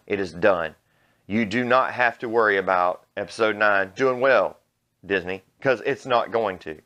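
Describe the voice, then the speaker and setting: A man's voice: fairly low pitch, fairly bright tone. A man hosting his own channel, delivering a blunt, mocking, profane opinion rant. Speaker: vlog host. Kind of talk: ranting opinion commentary.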